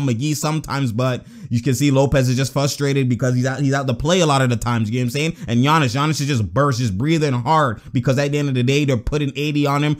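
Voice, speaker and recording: Excitable high-voiced man reacting to basketball. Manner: excitable, laughs often, slangy and repetitive. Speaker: YouTube basketball commentator. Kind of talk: casual reaction commentary over game clips.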